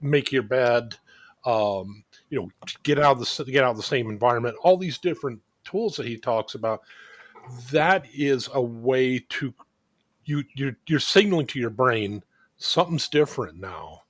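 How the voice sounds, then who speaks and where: A man's voice: mid-range voice, animated, moderate pace, no echo. A man hosting a recovery chat, explaining ideas at length while he thinks aloud. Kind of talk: casual recovery group chat.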